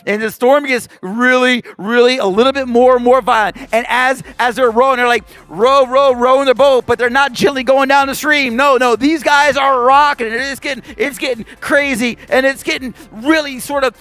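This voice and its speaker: A man, a children's pastor, telling a Bible story to kids in a playful, animated way and acting out the voices. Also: extremely high pitch, moderate pace, hardly any pauses. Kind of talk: kids' Bible lesson. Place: church kids' stage.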